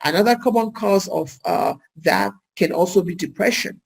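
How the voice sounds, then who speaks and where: A woman's voice: fairly low pitch, normal speed, gravelly, breathy edge, rough recording. A woman, a nurse practitioner hosting a talk, speaks casually with lots of rhetorical questions and little acted-out exchanges.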